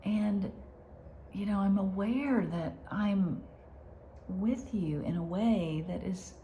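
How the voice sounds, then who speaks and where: A woman speaking candidly in a personal vlog, halting and heartfelt, with many fillers and moments where she drops to a whisper. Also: mid-range voice, mellow, a little hiss or hum. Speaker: vlogger sharing her illness.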